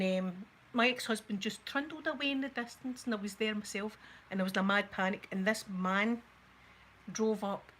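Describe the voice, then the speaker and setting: A Scottish woman talks softly into a close microphone for an ASMR makeup video. She chats to her viewers and wanders through stories in an easy, rambling way, sometimes dropping to a near-whisper. A faint hiss sits under the recording. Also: mid-range voice, low-quality recording. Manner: chatty, rambling storyteller who talks to viewers. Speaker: ASMR channel host. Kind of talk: soft-spoken ASMR makeup chat.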